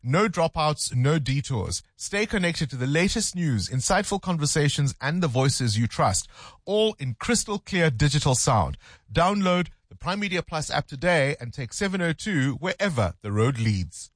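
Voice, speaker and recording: A man's voice: on the high side, very animated, moderate pace, no room sound. A man hosting a breakfast radio show, chatting and teasing his co-hosts. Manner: teasing, coaxing, laughs easily. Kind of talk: casual radio chat. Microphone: studio microphone.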